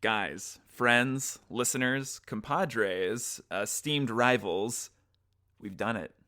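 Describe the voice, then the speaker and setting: A man's voice: medium pitch, slow, bright, forceful tone. A man hosting a casual podcast chat, playful and jokey. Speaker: podcast host.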